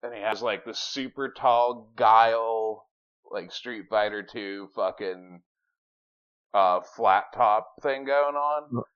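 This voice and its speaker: A podcast host with a lowish, clean-toned voice takes his time as he chats casually, rambling, swearing and now and then reading from notes. The recording is dull, lo-fi podcast audio.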